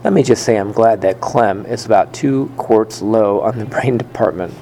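A man reading a children's book aloud in first person, unhurried, with occasional slips and rereads. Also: fairly low pitch, dark tone, a little hiss or hum, poor audio. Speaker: reader.

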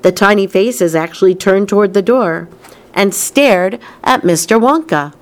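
A woman reading a children's novel aloud, unhurried and expressive. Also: medium pitch. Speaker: reader.

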